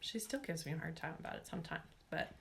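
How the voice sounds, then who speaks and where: A woman's voice: sits low, lively intonation, fast, gravelly, fairly bright tone, in a whisper. A woman from Washington state hosting a casual nail-care livestream, rambling and chatty, often saying "y'all" and reading out viewer names and questions. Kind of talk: casual live-stream chat with viewers.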